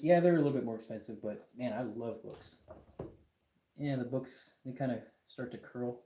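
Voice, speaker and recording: A man's voice: medium pitch, normal speed, warm tone, reverberant, a little hiss or hum. A man hosting a casual livestream, talking in an emphatic, exasperated rant with lots of repetition. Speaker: livestream host.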